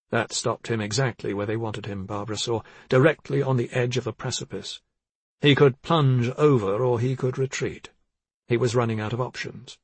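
A man reads a crime audiobook in a measured, steady manner. His voice has a husky grain and sits mid-range, and the sound is dry and close to the mic. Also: medium pitch, no echo. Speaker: narrator. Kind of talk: audiobook narration.

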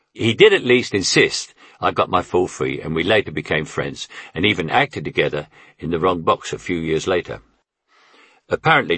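A man's voice: low-pitched, fairly bright tone, slightly rough, no echo. An older man narrating his memoir with wry, anecdotal storytelling.

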